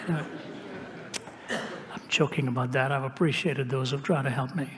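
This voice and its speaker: An older man preaching a storytelling sermon in a conversational way, sinking into hushed tones at solemn moments. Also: on the high side, fairly even intonation, normal speed, background noise. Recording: reverberant hall.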